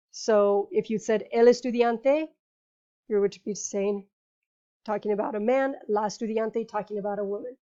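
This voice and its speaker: A woman's voice: on the high side, mellow, dull audio. A woman teaching a Spanish grammar lesson in English, patient and explanatory, often checking in with "okay?" and "right?".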